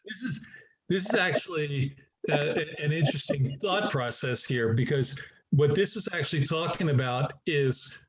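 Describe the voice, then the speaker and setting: A man's voice: fairly high pitch, moderate pace, a crowd in the background, low-quality recording. A man, a chiropractor, talking reflectively in a casual group discussion over a video call, rambling with restarts.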